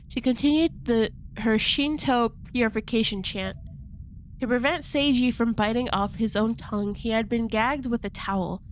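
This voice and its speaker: A woman's voice: fairly high pitch, steady tone, moderate pace, slight background noise. A woman streamer reading a game's text aloud, breaking off into playful asides and stifled giggles, keeping her voice down at night. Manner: giggly, playful asides, stumbles over words; holding back laughter, kept quiet at night. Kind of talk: reading a game aloud with casual commentary.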